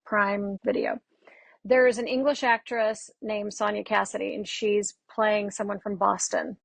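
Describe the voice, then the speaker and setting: A woman dialect coach from Texas, chatting as a podcast guest and telling stories with quick, animated asides. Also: medium pitch, gravelly, dry recording. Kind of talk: casual podcast interview.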